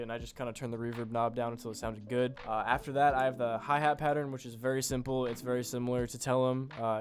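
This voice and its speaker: A young man casually walking through how he made a beat, laid-back and rambling, with offhand swearing. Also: mid-range voice. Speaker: beat producer. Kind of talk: casual screen-recorded tutorial.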